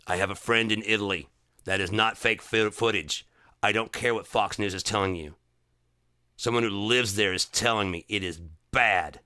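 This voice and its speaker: A man's voice: on the low side, steady tone, normal speed, bright, forceful tone, smooth, no room sound, studio quality. A man hosting a casual livestream chat, ranting heatedly with frequent swearing and rambling restarts. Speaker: livestream host.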